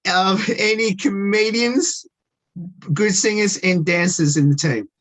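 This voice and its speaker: Radio host, medium pitch, upbeat questions, video call. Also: unhurried, a bit bright. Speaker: radio interviewer. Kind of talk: interview questions.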